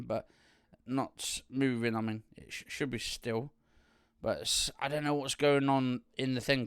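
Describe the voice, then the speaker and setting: A man's voice: mid-range voice, clean tone, dry recording. A man vlogging to camera in a casual, rambling way, full of ums and restarts, into a studio condenser mic. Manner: rambling with frequent fillers and restarts. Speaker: youtuber. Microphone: studio condenser microphone.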